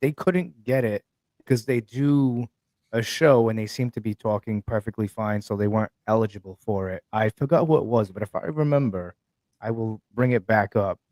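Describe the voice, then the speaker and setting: A man co-hosting a casual sports talk show, chiming in with quick remarks and agreement. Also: lowish voice, darkish tone, no room sound.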